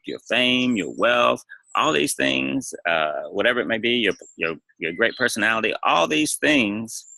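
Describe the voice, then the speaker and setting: Man, dating coach, gravelly, bright and forceful, emphatic advice. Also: mid-range voice, no echo, poor audio. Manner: emphatic, repeats phrases for emphasis. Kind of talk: advice monologue to camera.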